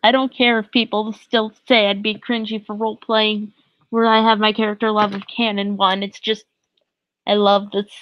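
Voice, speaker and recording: A woman's voice: medium pitch, flat delivery, normal speed, dry recording, lo-fi sound. A woman streamer chatting casually, giggly and gushing, a little flustered. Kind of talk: casual live-stream chat.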